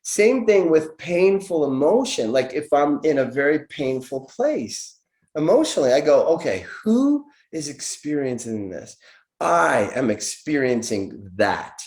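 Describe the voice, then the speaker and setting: A man's voice: on the high side, sing-song, unhurried, darkish tone. A man guest speaking as a naturopathic doctor, giving an earnest, searching spiritual explanation. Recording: echoey room.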